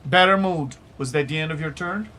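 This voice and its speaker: Slightly high-voiced game master with faint hiss. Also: male voice, sharp tone. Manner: measured, repeats "very well" as a cue. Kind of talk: running a live tabletop game.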